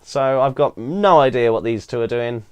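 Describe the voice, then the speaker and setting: A man's voice: medium pitch, normal speed, smooth. Chatty British man reviewing wrestling. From Britain. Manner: chatty, opinionated, with frequent "um" and "uh". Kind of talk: casual recap commentary.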